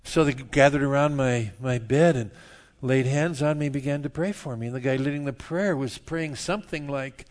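A middle-aged man preaching a sermon, telling stories and swinging from quiet asides to loud outbursts. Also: medium pitch, normal speed, few pauses. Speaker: pastor. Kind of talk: sermon with storytelling.

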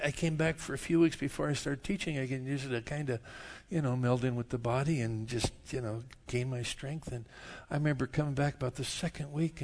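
A middle-aged man preaching a sermon, telling stories and swinging from quiet asides to loud outbursts. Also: fairly high pitch. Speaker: pastor. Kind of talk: sermon with storytelling.

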